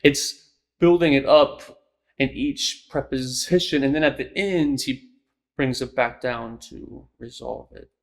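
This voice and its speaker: Young male host, unhurried delivery with a gravelly edge, breaks down ideas thoughtfully. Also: mid-range voice. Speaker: host of a speech lecture series. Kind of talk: casual spoken commentary.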